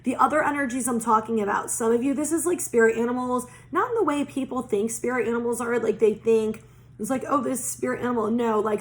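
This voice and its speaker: A woman giving a casual oracle card reading, chatty and rambling, full of "like" fillers and casual swearing. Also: on the high side. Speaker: psychic oracle card reader.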